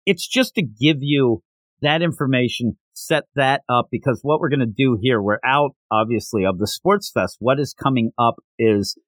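A man's voice: mid-range voice, moderate pace, no echo. A man hosting a podcast in a casual, rambling way, often restarting his sentences. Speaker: podcast host. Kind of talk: casual podcast chat and recap.

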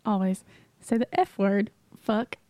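A woman's voice: medium pitch, steady tone, unhurried, dark tone, no room sound. A woman guest on a podcast, chatting casually, teasing and laughing often. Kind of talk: casual chat.

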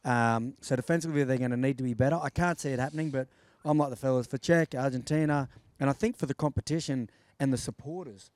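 A man co-hosting a podcast, relaxed and teasing, giving measured rugby predictions. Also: mid-range voice, no echo. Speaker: podcast co-host. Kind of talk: casual sports analysis.

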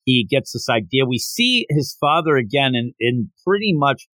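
A man's voice: mid-range voice, no room sound. Male podcast co-host, chatty recap style, voices the characters as he goes, dry close mic. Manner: animated retelling, quoting characters in quick voices. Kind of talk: casual chat recapping a manga chapter.

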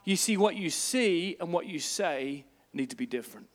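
A man's voice: a little high, expressive, moderate pace, big-room sound. A man, a pastor preaching a sermon, telling stories with emphasis.

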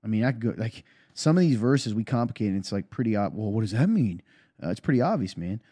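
A man, a pastor, co-hosting a casual talk show and telling stories in a quick, emphatic way. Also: fairly low pitch, slightly rough, no room sound, clean studio sound. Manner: animated storyteller, quick and emphatic. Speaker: pastor and podcast co-host. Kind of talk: casual chat.

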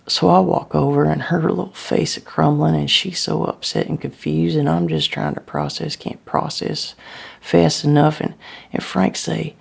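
Woman doing a slow first-person monologue, gravelly and husky, lots of whispery bits. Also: deep voice, fairly even intonation, a little mellow. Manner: drawling dialect storytelling, slipping into breathy whispers. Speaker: storyteller.

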